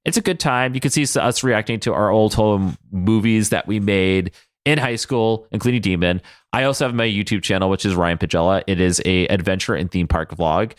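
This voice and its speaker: A man co-hosting a podcast in a loose, joking chat that sometimes bursts into loud yells. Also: on the low side, brisk, no room sound, clean studio sound. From Boston area. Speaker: podcast co-host. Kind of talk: casual chat.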